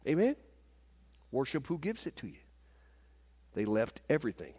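A man's voice: mid-range voice, moderate pace, pauses often. Fifties male preacher with church reverb. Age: 50s. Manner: animated preaching, often asks the congregation "Amen?". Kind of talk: sermon. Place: church service.

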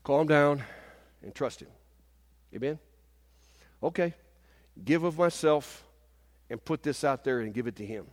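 A man in his fifties preaching a sermon in a church service, animated and often asking the congregation "Amen?". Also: fairly high pitch, measured pace, long pauses, in a large hall. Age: 50s.

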